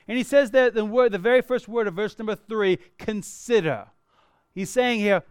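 An earnest male preacher with a high, smooth and resonant voice delivers a sermon. His tone swings between lively emphasis and hushed reflection. The recording is dry and close, with little room sound. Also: moderate pace, dry recording.

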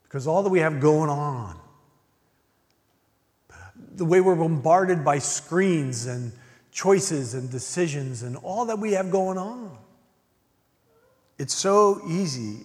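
A man preaching a sermon as pastor, earnest, swinging from emphatic questions to hushed, near-whispered lines. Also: fairly high pitch, animated, takes it slowly, pauses often. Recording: long reverb of a large hall.

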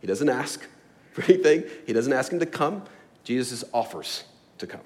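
Male pastor mid-sermon, animated delivery with a lot of pitch swing, plays out little scenes. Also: normal speed. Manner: animated storytelling with acted asides.

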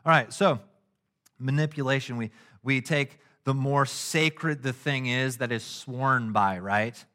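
A middle-aged man preaching a casual, conversational sermon, animated and slangy, acting out little stories as he goes. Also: medium pitch, slow. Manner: animated and casual, with slangy asides and acted-out anecdotes. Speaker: pastor.

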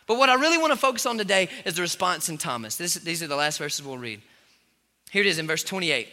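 High bright-voiced preaching man. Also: fast talker. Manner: preaching with sudden surges of loud emphasis. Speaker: pastor. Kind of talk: sermon. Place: large church hall. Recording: long hall reverb.

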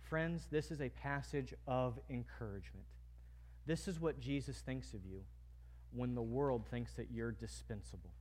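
A man pastor giving a sermon with a prayer, earnest and emphatic, with swings from quiet prayer to loud exhortation. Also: a little high.

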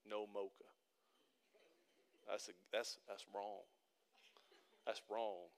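This pastor's voice is low-ish, level, slow, and creaky as he preaches in church. Everyday anecdotes, told conversationally, swell into forceful, repeated appeals to the congregation.

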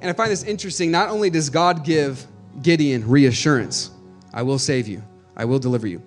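A man preaches to his congregation in a fairly high voice, his delivery rising from quiet, steady teaching to loud and urgent exhortation. Soft music plays faintly behind him. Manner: calls out "hey" to the congregation. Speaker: pastor. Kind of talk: sermon.

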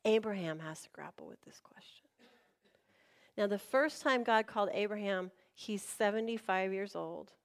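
A woman pastor preaching a sermon, telling a personal story with animated, acted-out dialogue to a congregation. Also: mid-range voice, moderate pace. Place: church before a congregation.

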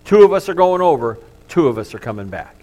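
A man's voice: on the high side, sing-song, quick pace, warm tone. A male pastor voicing a faithful aged patriarch, making firm and repeated declarations in his own voice. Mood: resolute.

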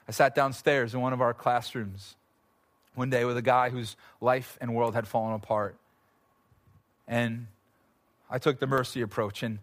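A man's voice: mid-range voice, fairly bright tone. Pastor guy preaching in church, earnest and chatty, gets intense and pleading. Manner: earnest, conversational, swells into intense pleading prayer. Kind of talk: sermon. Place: church sanctuary.

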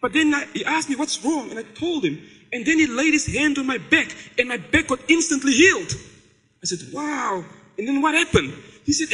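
A pastor speaks to his congregation with a strikingly high, bright voice. He preaches in a casual storytelling way, acting out the dialogue in his stories. The sound carries a long reverb, as in a large hall. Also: expressive, moderate pace. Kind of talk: sermon.

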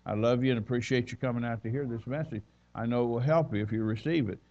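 A man's voice: mid-range voice, fast, darkish tone, lo-fi sound. A man preaching as a visiting minister, telling folksy stories and reading scripture aloud. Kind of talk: sermon.

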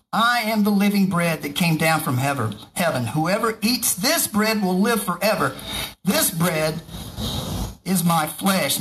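A man reads a Bible passage aloud in a slightly raised voice, pausing often for relaxed, joking commentary. The recording carries faint background noise. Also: high voice, low-quality recording. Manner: reads scripture aloud and breaks off for joking asides. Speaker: preacher. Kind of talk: casual Bible reading with commentary.

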